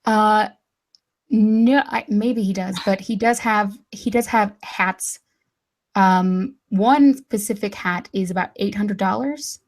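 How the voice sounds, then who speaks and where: A woman from the United States chatting casually as a guest, unhurried and full of fillers. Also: mid-range voice. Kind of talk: casual chat.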